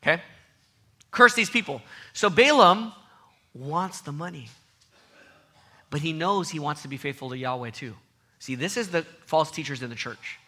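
A man preaching a sermon with emphatic repetition, his voice swinging from loud outbursts to soft low passages. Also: animated, normal speed, long pauses. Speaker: pastor.

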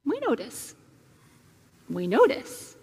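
Woman quoting a deadpan eccentric doctor. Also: on the high side, slow pace, in a large hall, exaggerated voice. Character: eccentric self-assured comic doctor character.

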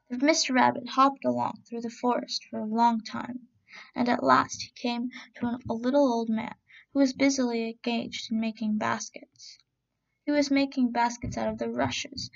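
Brief: woman reading bedtime stories, gentle and slow, gravelly edge, dull recording. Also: on the high side. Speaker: storyteller. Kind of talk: reading children's stories aloud.

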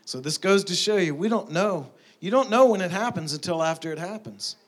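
A preacher with a slightly high voice tells a story from the pulpit. His delivery is animated, and it rises to emphatic peaks as he makes each point. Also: a little fast. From Tulsa, Oklahoma. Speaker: pastor. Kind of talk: sermon with storytelling.

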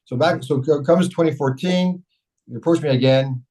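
A man's voice: on the high side, normal speed, darkish tone, low-quality recording. A middle-aged man from Canada being interviewed as a mayor, telling long rambling stories full of restarts and self-corrections. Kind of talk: casual storytelling interview.

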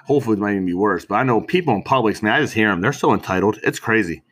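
A man's voice: fairly low pitch, rapid-fire. A man in casual podcast chat, swearing freely and laughing through his stories. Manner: profane, laughing, animated storytelling.

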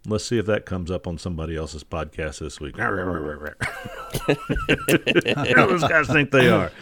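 A man's voice: low-pitched, sing-song, brisk, background noise. A man hosting a podcast in casual chat, rambling and jokey with lots of fillers. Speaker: podcast host.

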